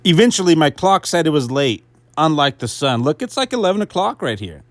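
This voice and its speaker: A man's voice: fairly high pitch, sing-song, fairly quick, no room sound. A young man narrating his motorcycle trip vlog in a casual, jokey, self-mocking voice-over. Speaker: motorcycle vlogger.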